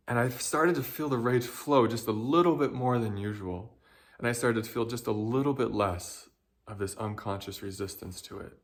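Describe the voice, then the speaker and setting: A young man talks in a heartfelt, earnest way, his voice sitting a little low. He often stops to search for words and speaks with open emotion as he reflects on his inner life. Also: moderate pace. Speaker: spiritual guide.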